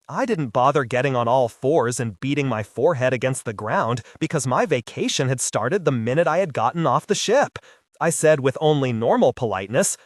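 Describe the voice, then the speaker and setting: Lively wisecracking male audiobook narrator. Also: medium pitch, normal speed, no room sound, studio quality. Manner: wisecracking, expressive. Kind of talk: first-person hardboiled narration.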